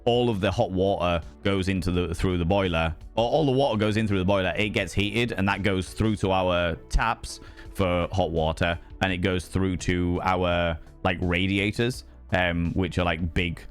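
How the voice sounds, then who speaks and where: A young British man streaming, chatting casually with his audience in a rambling, animated way and reading out chat messages. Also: low-pitched, moderate pace, faint music behind. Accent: British English. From United Kingdom. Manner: rambling, animated, swears freely, reads chat aloud. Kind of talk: casual chat with chat while gaming.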